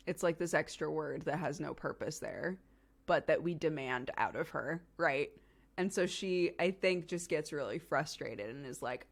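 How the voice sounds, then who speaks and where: A woman's voice: deep voice, moderate pace, gravelly. A young woman streamer telling a story in casual chat, laughing often and acting out the quotes. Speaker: streamer and host.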